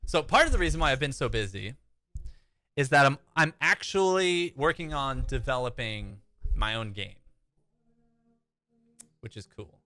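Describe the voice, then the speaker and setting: Animated, bright-voiced male streamer. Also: mid-range voice, unhurried, pauses often. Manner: animated, jokey, slips into voices. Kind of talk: casual gaming stream talk.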